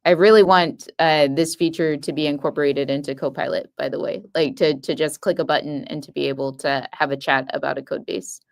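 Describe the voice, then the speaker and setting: A woman's voice: low voice, fairly even intonation, fairly quick, few pauses. A woman speaking as a guest expert on a live coding stream, hesitant and thinking aloud. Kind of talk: live coding demo, casual.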